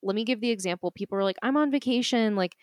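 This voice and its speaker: A woman co-hosting a podcast in casual chat, reacting expressively and telling quick anecdotes. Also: medium pitch, dry recording, studio quality. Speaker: podcast co-host.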